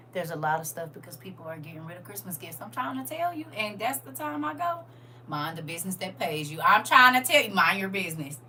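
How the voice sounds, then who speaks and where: A woman hosting a casual live stream, teasing viewers by name and swinging between loud exclamations and hushed asides. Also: on the low side, far from the mic, a little hiss or hum. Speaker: livestream host.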